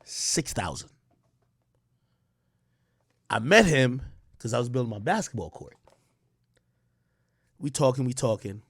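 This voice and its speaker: A man telling a casual story to his live stream, excitable and full of slang and swearing. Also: medium pitch, moderate pace, pauses often, slightly rough, dry recording, studio quality. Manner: animated, profane, slangy, excitable. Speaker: streamer and commentator.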